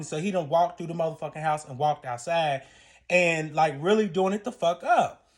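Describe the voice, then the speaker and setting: A man's voice: fairly high pitch, normal speed. Emotional young man telling a story. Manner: emotional, profane, rambling with many fillers. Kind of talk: casual storytime vlog.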